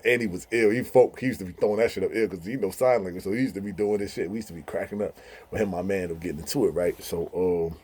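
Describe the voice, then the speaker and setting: A man with a low, warm, husky voice hosts his own channel, telling stories casually in a loose, slangy style packed with asides.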